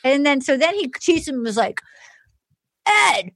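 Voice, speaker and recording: A woman's voice: high-pitched, lively intonation, a little fast, no echo, clean studio sound. A woman hosting a comedy podcast, recapping casually and acting out quotes in exaggerated voices. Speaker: podcast host.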